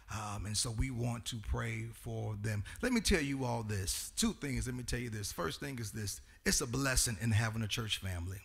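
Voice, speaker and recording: A male pastor with a gravelly, slightly rough, medium-pitched voice speaks to his congregation. He fills his church announcements and sermon with frequent "um"s, then swells into a sing-song preaching cadence.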